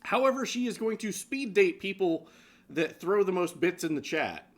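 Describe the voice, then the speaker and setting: A man's voice: high-pitched, lively intonation, normal speed. A man co-hosting a live stream show, chatting casually with profane, laughing banter. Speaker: co-host.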